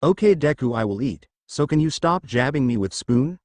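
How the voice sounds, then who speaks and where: A man's voice: medium pitch, animated, moderate pace, darkish tone, no room sound, close to an everyday voice. A man voicing a stubborn, cheerful teenage girl who protests, in a fan fiction reading. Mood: protesting.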